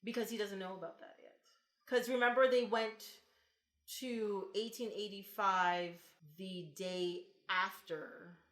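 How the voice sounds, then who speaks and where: A woman's voice: medium pitch, fairly even intonation, takes it slowly, a bit bright, echoey room. A woman hosting a podcast, chatting casually about films and asking lots of questions, with frequent filler words. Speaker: podcast host.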